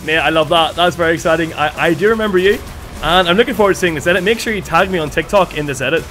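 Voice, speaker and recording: A man commentating a live game stream with excitable energy and a slightly strained voice, thanking viewers as he goes. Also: fairly high pitch, rapid-fire, soft background music.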